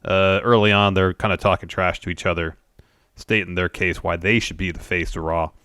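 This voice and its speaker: A man's voice: deep voice, moderate pace, clean tone, no room sound, clean studio sound. A man co-hosting a podcast, methodically retelling a wrestling show's events step by step. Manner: steady, methodical retelling with fillers. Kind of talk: play-by-play recap.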